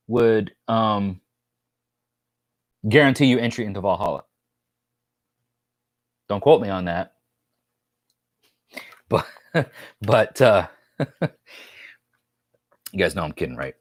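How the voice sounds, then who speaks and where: A man's voice: lowish voice, slow pace, long pauses, no echo, clean studio sound. A man from New York hosting a casual live stream, joking and rambling as he reads viewer comments aloud.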